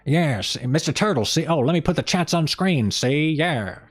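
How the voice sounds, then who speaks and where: A man's voice: a little high, lively intonation, moderate pace, faint music behind. A man putting on a tough-talking old-time gangster voice, tacking a clipped "see?" onto his phrases. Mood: cocky.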